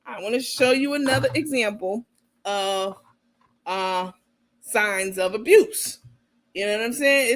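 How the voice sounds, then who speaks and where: A woman hosting casual comedic commentary, animated, playful and profane. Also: mid-range voice, moderate pace. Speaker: host.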